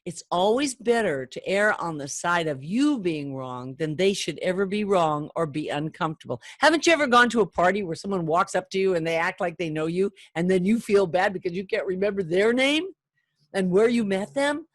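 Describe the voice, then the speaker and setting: A woman's voice: on the low side, moderate pace, dry recording, studio quality. Chatty older woman coaching phone manners. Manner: chatty, animated, acts out callers' lines. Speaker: phone sales trainer. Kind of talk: training talk to camera.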